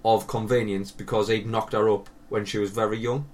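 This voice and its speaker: A man's voice: lowish voice, flat delivery, a little fast, a little mellow, distant mic. A young man co-hosting a podcast, telling a long embarrassing story with lots of swearing and laughter. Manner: sweary, laughing, drops voice for quoted lines. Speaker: podcast co-host. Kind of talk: casual storytelling chat.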